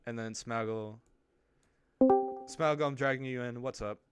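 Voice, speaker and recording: A man's voice: medium pitch, measured pace, music in the background. A man hosting a casual voice-chat stream, teasing his guests, stammering and laughing often. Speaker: streamer host.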